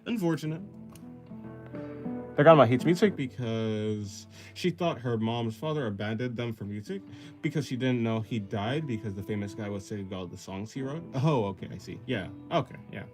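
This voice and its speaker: Over background music, a man with a mid-range voice sketches on a livestream at a moderate pace. He reads chat out loud and rambles, poking fun at himself and frequently breaking into laughter.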